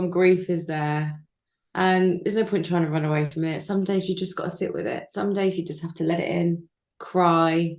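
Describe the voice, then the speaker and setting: Woman, heartfelt interview guest, lowish voice, echoey room on a video call. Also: a little mellow. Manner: open, emotional, candid storytelling. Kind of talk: candid personal interview.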